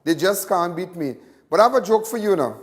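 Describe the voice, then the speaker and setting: A man's voice: sits high, lively intonation, fairly quick. A man with a Trinidadian accent hosting a live crime talk show, rambling, boastful and joking.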